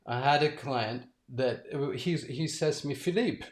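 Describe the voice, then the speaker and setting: A man's voice: medium pitch, fairly even intonation, unhurried. Eager male host in a roomy room. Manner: eager, jumps in with anecdotes. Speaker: livestream host, voice coach. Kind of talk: casual interview chat.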